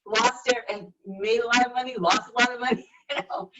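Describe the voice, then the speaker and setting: A woman's voice: on the high side, fairly even intonation, fairly quick, background noise. A woman chatting enthusiastically on a group video call, often restarting her sentences. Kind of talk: casual chat. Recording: distant, dull video-call audio.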